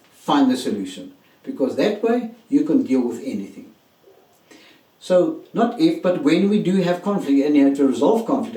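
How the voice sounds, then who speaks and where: A man's voice: medium pitch, mellow, far from the mic. Guy giving a pumped-up relationship coaching talk, pretty echoey room. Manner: emphatic, addresses listeners directly. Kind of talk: motivational teaching talk. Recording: roomy echo, mic set back.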